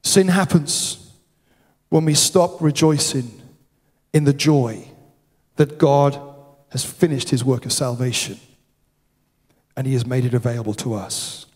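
A man preaching a sermon, stressing his points by repeating words, sometimes dropping to a hushed, solemn tone. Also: mid-range voice, measured pace, pauses often. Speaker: pastor. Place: church hall. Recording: long hall reverb.

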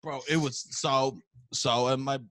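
A man, hosting a podcast in casual chat, loud and profane, telling animated stories. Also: mid-range voice, measured pace. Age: 30s. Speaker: podcast host.

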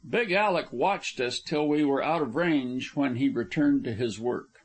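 A man narrating an adventure audiobook in an even, measured reading. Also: mid-range voice. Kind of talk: scripted narration.

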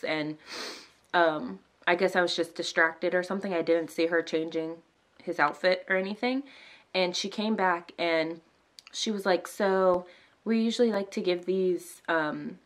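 A young woman chats to her camera in a casual vlog, teary and emotional, her speech full of "like" and "um" fillers. Her voice sits a little low for a woman. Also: steady tone, moderate pace. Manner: emotional, near tears, many "like" and "um" fillers. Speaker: vlogger, new mother.

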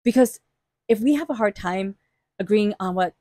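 A woman's voice: medium pitch, expressive, moderate pace, mellow, no echo, clean studio sound. A woman giving a casual tarot reading, chatty and reassuring, laughing often and speaking straight to the listener. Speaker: tarot reader.

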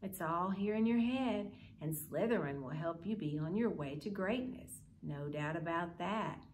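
A woman voicing a wise old talking hat in a storybook reading, soft and pondering. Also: fairly low pitch, animated, measured pace, slight background noise, voice pushed down. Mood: musing.

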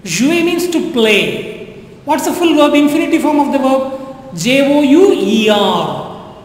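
Coaxing her students to translate, a lively, high-voiced French teacher speaks slowly and goes over things again and again. The classroom-style lesson is recorded in an echoey room with a long reverb.

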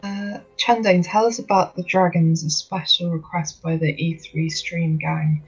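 A husky-voiced host reads viewer questions and explains answers in a rambling, filler-heavy way. The audio is dull and lo-fi, with faint music behind. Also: mid-range voice, fairly even intonation, a little slow. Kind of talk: casual stream Q&A.

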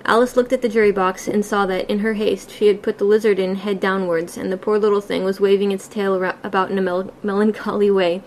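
A woman reading a classic children's novel aloud as an amateur audiobook, in a plain, unhurried way with occasional slips. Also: medium pitch, level tone, darkish tone, slight background noise, poor audio. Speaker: audiobook reader.

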